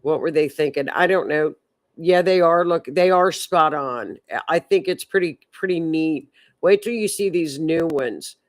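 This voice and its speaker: A woman's voice: low voice, a little slow. A woman hosting a live stream, chatting in a rambling way and reading viewer comments aloud. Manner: chatty, rambling, repeats words. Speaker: livestream host.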